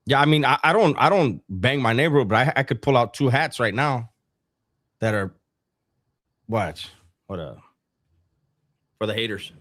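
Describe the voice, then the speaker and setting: A man with a middle-pitched voice co-hosting a relaxed chat. He is easygoing and often stammers and repeats himself before getting his point out. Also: normal speed, long pauses. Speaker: podcast co-host. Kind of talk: casual chat.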